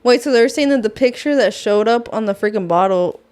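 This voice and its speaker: A woman's voice: a little high, fairly quick, darkish tone. A woman co-hosting a casual podcast, talking bluntly with plenty of slang and swearing. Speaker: podcast co-host.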